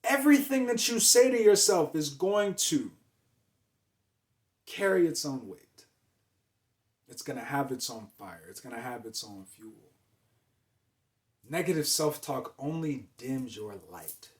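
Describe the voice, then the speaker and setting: A man's voice: a little high, animated, unhurried, long pauses. A young adult man hosting a show, delivering an emphatic, repetitive motivational monologue. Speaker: motivational host.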